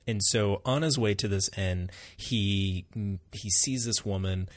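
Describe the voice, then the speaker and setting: A man's voice: on the low side, measured pace, no echo. A man co-hosting a casual book discussion podcast, chatty and self-deprecating, laughing easily. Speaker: podcast co-host.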